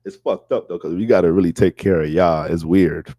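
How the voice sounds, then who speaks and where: A man with a low, mellow voice gives a casual astrology reading. He talks in a loose, profane and animated way. The sound is close and dry. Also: brisk, dry recording.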